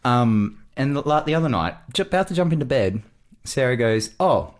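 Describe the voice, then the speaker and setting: A young man co-hosting a podcast, spinning a comic story with dry, deadpan timing. His voice sits at a middling pitch for a man, and the talk is loose and conversational. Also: a little fast. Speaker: podcast co-host. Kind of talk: casual storytelling chat.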